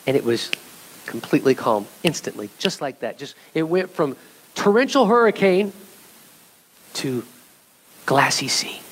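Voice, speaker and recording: A male pastor preaching a sermon, animated and speaking directly to his congregation, sometimes acting out voices from the story. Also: high-pitched. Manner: animated, acts out voices of scripture figures; addresses congregation directly as church.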